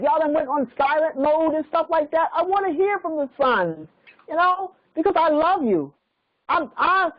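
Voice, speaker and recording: High-voiced woman pleading on a call. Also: no echo. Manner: pleading, repetitive, emotional. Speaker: teacher leading a group call. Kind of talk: religious study call. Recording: dry, muffled online call audio.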